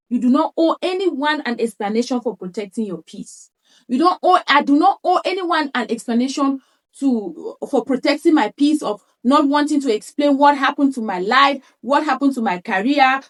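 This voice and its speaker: A woman lifestyle coach giving a motivational talk, repeating her points for emphasis and acting out quotes. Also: high-pitched. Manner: acts out others' words in quoted asides.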